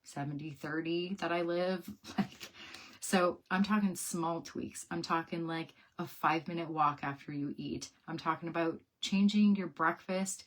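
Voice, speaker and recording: A young woman talking casually to camera, answering viewer questions about a product in a chatty, upbeat way with quick laughs and repeated words. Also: on the low side. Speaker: wellness product seller.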